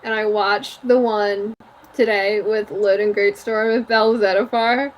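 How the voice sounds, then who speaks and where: A woman's voice: medium pitch, steady tone, measured pace, a little hiss or hum. A young woman co-hosting a podcast in casual chat, chatty and giggly, full of filler words. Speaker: podcast co-host.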